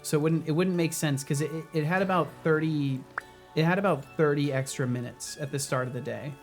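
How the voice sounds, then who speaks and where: A man's voice: fairly high pitch, a little fast, faint music behind. A man live-streaming a video game, chatting casually with his viewers and swearing often. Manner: swears often, talks to chat while playing.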